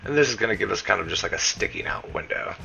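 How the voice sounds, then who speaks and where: A man's voice: fairly low pitch, expressive, fast talker, gravelly, bright, forceful tone, faint music behind. A man with a Southern US accent giving a casual, chatty voice-over for a game building tutorial, dropping plenty of "you know" asides. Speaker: game building guide creator.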